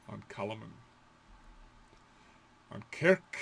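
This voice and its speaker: A man's voice: mid-range voice, takes it slowly, gravelly, pauses often, fairly bright tone. A man giving a casual language lesson, playfully imitating animal sounds and laughing between them. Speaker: Gaelic teacher.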